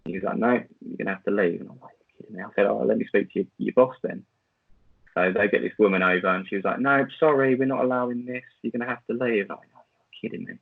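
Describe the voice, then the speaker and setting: Fast-talking man on a tinny line. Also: on the low side, vocal fry, dry recording. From Essex, England. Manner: rambling, with many fillers and restarts. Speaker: podcast guest, football video maker. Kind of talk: casual storytelling chat. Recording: tinny phone-like line, dry.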